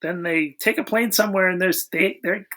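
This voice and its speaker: A man's voice: high-pitched, normal speed, sharp tone. A man co-hosting a casual movie-review podcast, rambling and restarting as he retells the plot with dry humor. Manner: rambling, searching for words, wry. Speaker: podcast co-host.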